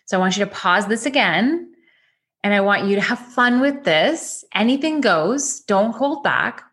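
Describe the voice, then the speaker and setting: A woman's voice: mid-range voice, lively intonation, unhurried, fairly bright tone. A woman coach leading a goal-setting lesson, talking directly and encouragingly with many rhetorical questions.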